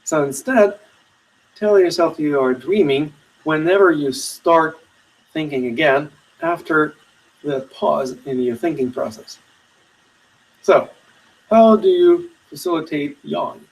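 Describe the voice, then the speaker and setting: A man teaching meditation in a webinar, giving slow, soothing guided instructions with long pauses. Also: fairly high pitch, far from the mic, rough recording.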